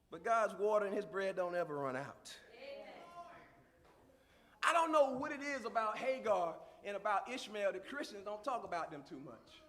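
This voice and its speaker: A man with a strikingly high voice preaches with fervor. He presses points again and again and lets his voice rise to full shouts as he drives a message home. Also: very animated, normal speed, big-room sound. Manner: impassioned preaching that swells into shouts; repeats phrases for emphasis. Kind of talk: sermon.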